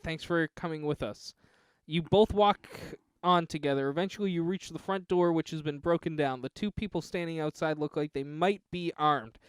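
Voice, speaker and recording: A man's voice: on the high side, clear, resonant tone, no echo, clean studio sound. A man on a podcast, casually reading out a text adventure game and joking about it. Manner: reads game text aloud with laughing asides. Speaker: podcast co-host.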